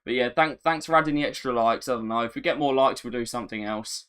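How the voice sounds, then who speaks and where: A man chats his way through a live gaming stream in an easy, mid-pitched voice. He is excitable and self-mocking, and he repeats phrases as he reacts. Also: fast talker, clean tone. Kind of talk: casual live-stream chat.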